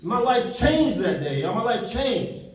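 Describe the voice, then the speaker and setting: A man, giving an animated motivational talk on stage and acting out the people in his stories. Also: high voice, a little slow. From Chicago, USA. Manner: animated storytelling, acting out quotes. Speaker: community organizer and speaker. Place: large hall on stage. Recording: echoey hall, from far off, faint noise.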